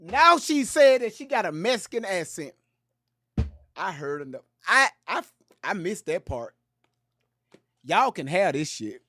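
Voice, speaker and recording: A man hosting a reaction video, commenting on played clips in a profane, exasperated rant that flares into shouting. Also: sits high, very animated, unhurried, pauses often.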